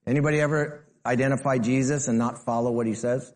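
Animated preacher in a reverberant hall. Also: male voice, quick pace. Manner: animated, rising to near-shouts and dropping to low asides; acts out the quoted speakers in heightened voices. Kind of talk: sermon.

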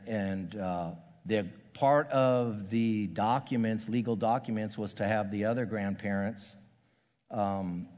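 An older man preaching a sermon, halting and restarting his words, often dropping to a hushed, soft tone. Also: fairly low pitch, big-room sound. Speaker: pastor.

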